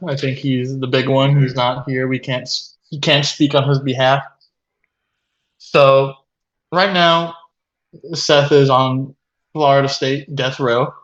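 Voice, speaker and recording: Laughing man on a muffled video call. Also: mid-range voice. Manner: laughing through absurd confessions, breaking into loud acted quotes. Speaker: comedy video co-host. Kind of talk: deadpan mock apology, improvised comedy.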